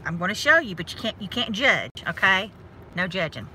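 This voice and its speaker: Speaking at medium pitch, this vlogger sounds animated, bright and forceful, talking a bit fast in her North Georgia Southern accent. She chats folksily and self-mockingly with viewers while driving, recorded on a visor-clipped phone or camera over faint road noise.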